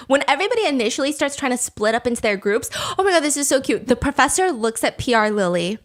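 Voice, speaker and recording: A woman host giving storytime commentary, telling the tale in an animated, expressive way with acted-out quotes. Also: on the high side.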